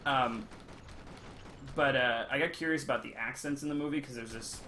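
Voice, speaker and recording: A man's voice: mid-range voice, moderate pace, sharp tone, a little hiss or hum. A young man chatting casually on a game stream, rambling with many ums and uhs. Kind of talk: casual chat while gaming, reading chat.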